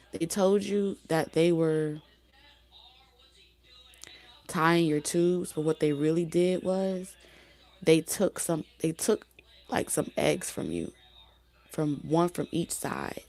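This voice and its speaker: A woman giving a casual spoken tarot reading, talking loosely with many fillers and restarts, her voice going hoarse. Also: low-pitched, a little mellow. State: losing her voice. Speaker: tarot reader.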